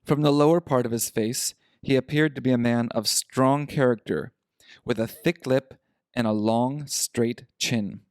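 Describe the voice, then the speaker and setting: A man reads a classic story aloud for English learners, in a clear and measured way. His voice sits at a middle pitch. The recording is dry and close, with no room echo. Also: a little mellow. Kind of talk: scripted story reading.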